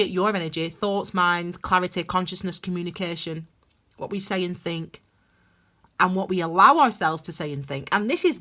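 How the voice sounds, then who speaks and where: A woman's voice: mid-range voice, fairly bright tone. A woman giving a casual spoken tarot reading to camera, talking emphatically and rambling with many restarts. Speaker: tarot reader.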